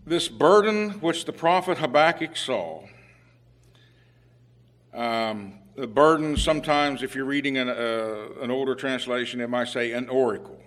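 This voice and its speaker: A man with a medium-pitched voice delivers a sermon a little slowly and in a chatty style, stumbling through fillers and restarts. His pleading turns loud and emphatic whenever he voices the prophet's cries.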